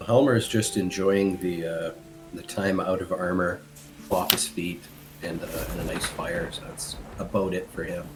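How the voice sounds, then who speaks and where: A male player in an online tabletop game with a very deep voice, talking through a computer mic. He is laid-back and unhurried, letting his words trail off easily. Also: fairly even intonation, over music, low-quality recording. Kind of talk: casual game chat. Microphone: computer mic on a video call.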